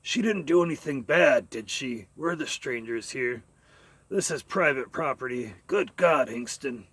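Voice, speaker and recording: A man's voice: mid-range voice, animated, a little slow, a bit bright, husky, no room sound. A man voicing a bewildered spaceship captain who stammers and pleads with a stranger. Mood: dismayed. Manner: uncertain and pleading. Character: flustered male spaceship captain, middle-aged.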